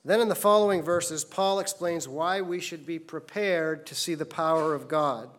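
A man's voice: on the high side, moderate pace, fairly bright tone. A man preaching a sermon to his congregation, telling stories in an earnest way. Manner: earnest storytelling preacher, voices characters in anecdotes. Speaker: pastor.

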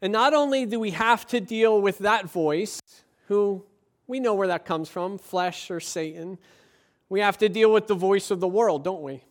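A man with a notably high voice preaching a sermon. He speaks as a pastor in an emphatic, measured way. He draws out key phrases and leans on rhetorical questions.

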